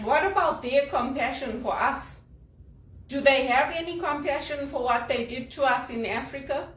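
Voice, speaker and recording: A woman's voice: high-pitched, moderate pace, a bit bright, recorded from a distance. Indignant Zimbabwean woman, echoey room. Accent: Zimbabwean English, trained elocution. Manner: impassioned, indignant, rhetorical questions. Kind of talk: personal monologue vlog.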